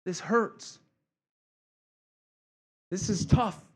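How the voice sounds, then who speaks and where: Middle-aged pastor, man, casual joking sermon delivery, slightly high pitch. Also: very slow, breathy edge. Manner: casual, joking preacher with asides and voiced quotes. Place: church sanctuary.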